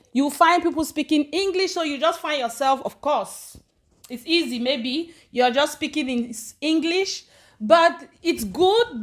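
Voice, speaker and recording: A woman's voice: sits high, fairly bright tone. A woman from Africa hosting a casual livestream, chatting and greeting viewers by name. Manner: chatty, greets viewers by name, switches between English and Swedish. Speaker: livestream host. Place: home in Sweden.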